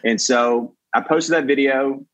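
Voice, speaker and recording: A young man with a Southern US accent, a comedian guest telling animated stories in casual chat and saying "dude" a lot. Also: medium pitch, measured pace, dry recording, muffled recording. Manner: animated, says "dude" often, jumps into quoted voices.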